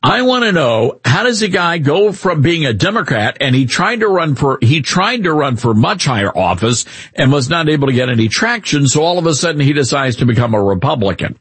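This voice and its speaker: Man, Southern accent, talk radio host, ranting, lively swooping voice, very husky. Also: a little high, fairly quick, few pauses, no room sound. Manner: ranting, sarcastic. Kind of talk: opinionated talk radio monologue.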